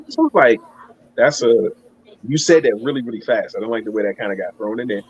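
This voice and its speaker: A man's voice: medium pitch, quick pace, dull audio, slight background noise. A man telling a long, rambling story in casual chat, swearing and laughing at himself. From Maryland. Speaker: guest.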